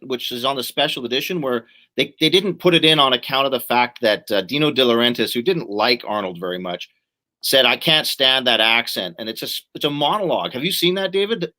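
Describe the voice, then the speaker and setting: Man, guest, casual chat, bright forceful voice, nostalgic, storytelling. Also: mid-range voice, lively intonation, fast talker. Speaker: guest, comic writer.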